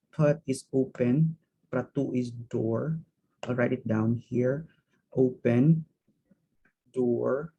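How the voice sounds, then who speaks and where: A man's voice: medium pitch, slow pace, creaky, pauses often, warm tone, dull audio, slight background noise. A man teaching a language lesson, explaining grammar step by step in a methodical way and repeating words as he thinks.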